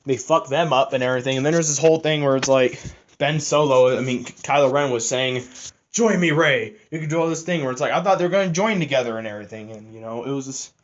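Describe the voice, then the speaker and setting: A young man reviews a film in a rambling, profane, casual way, packed with fillers and restarts. His mid-range voice moves fast, and the lo-fi audio sounds slightly muffled.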